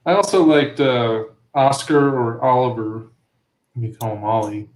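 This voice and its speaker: A man's voice: mid-range voice, measured pace. A man in a casual chat over drinks, making dry jokes. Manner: dry joking. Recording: echoey room.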